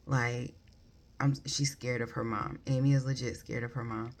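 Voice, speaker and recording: Female book vlogger, very deep gravelly voice, loose rambling delivery. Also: steady tone, normal speed, a little mellow. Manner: rambling, many ums and likes, self-correcting. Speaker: book reviewer. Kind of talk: casual book review vlog.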